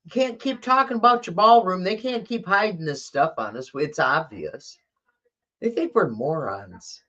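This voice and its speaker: A woman's voice: fairly low pitch, lively intonation, normal speed, fairly bright tone, dull audio. A woman hosting a tarot channel, chatting casually with blunt, profane, rambling talk and coughing now and then. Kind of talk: casual livestream chat.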